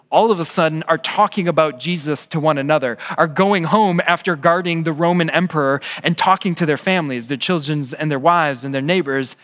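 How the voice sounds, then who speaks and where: A man preaching a sermon at a church service, animated and asking the congregation rhetorical questions. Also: fairly high pitch. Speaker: pastor.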